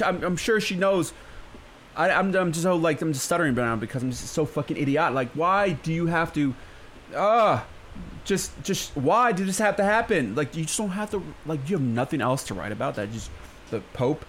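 A man's voice: mid-range voice, slight background noise. A young man from San Francisco hosting a radio show, ranting in profane, exasperated bursts full of stammers and restarts from a studio. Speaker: radio host.

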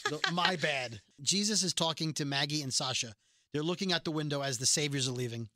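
Podcast co-host, male, lively recapper, higher pitched, dry close-mic sound. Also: no room sound. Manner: animated retelling, quoting characters in quick bursts. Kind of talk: casual chat.

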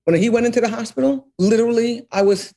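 A woman's voice: a little high, quick pace, dark tone. An older woman being interviewed, talking earnestly and emphatically about her past, often repeating phrases and laughing between thoughts. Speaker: interview guest, author. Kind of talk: reflective interview conversation.

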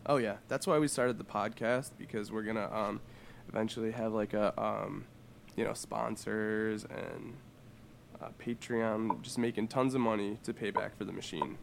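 A man's voice: on the low side, steady tone, moderate pace, gravelly, a little hiss or hum. A man co-hosting a comedy podcast, joking and rambling with lots of fillers. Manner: jokey, rambling, with many fillers. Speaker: podcast co-host. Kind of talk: casual comedic podcast chat.

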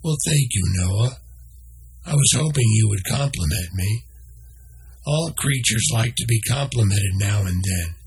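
A man voicing a talkative, proud male camel who speaks in a slow, friendly way. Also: fairly low pitch, expressive, breathy edge, full character voice.

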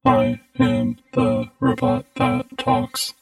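A man voicing a booming talking robot that speaks slowly and without intonation. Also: gravelly, soft background music, heavily acted. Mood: flat. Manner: flat and unaccented, slow.

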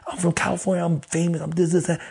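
A man voicing a tearful, desperate young man who speaks softly and pleads. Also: on the high side, little pitch movement, fast talker, vocal fry, husky, voice pushed up, full character voice. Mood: bewildered.

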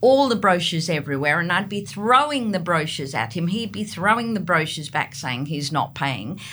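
A middle-aged woman, a real estate agent, telling lively stories in a podcast interview and acting out the people she deals with. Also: on the low side, moderate pace. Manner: animated storyteller, acts out buyers.

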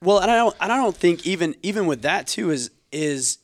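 A man's voice: sits high, expressive, brisk, dry recording. A married man in casual podcast chat, agreeing often and sharing a personal story. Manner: agreeable, frequent short affirmations.

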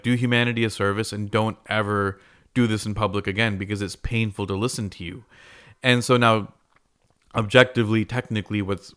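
A man's voice: lowish voice, a bit bright, smooth. A man hosting a podcast, talking through ideas in a conversational, storytelling way with frequent restarts. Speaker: podcast host. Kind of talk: explanatory podcast monologue.

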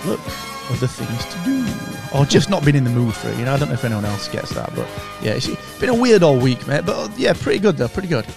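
A man's voice: medium pitch, big pitch swings, fast talker, gravelly, hardly any pauses. Yorkshire guy, laid-back and matey, rambles a bit, music under him. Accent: Yorkshire English. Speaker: podcast co-host. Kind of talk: casual podcast chat.

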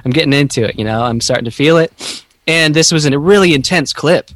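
Brief: reflective male podcast guest, halting and searching, dry close sound. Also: on the high side, fairly bright tone, no room sound. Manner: slow, halting, searching for words.

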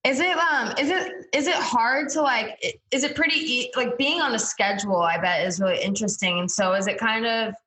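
A woman's voice: a little high, fairly quick, few pauses, pushed and bright, echoey room. A woman co-hosting a podcast, asking curious, encouraging questions in casual chat. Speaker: podcast co-host.

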